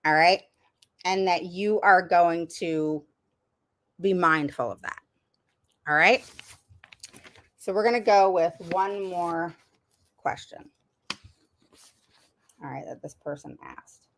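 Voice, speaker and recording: A woman's voice: fairly low pitch, slow pace, pauses often. A woman hosting a livestream with advice for parents, speaking emphatically and repeating words for stress. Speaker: parent advocate host.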